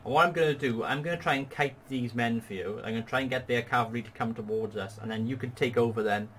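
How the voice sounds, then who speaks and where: A man's voice: medium pitch, fast talker, a bit bright. Man, gaming host, strategy game tutorial, patient and upbeat, explains each move, faint background hiss. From Wales.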